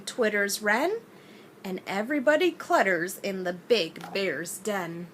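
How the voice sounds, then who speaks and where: A woman teacher reading a children's picture book aloud in an expressive, sing-song way, asking her young listeners questions. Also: mid-range voice, slow pace, a little hiss or hum.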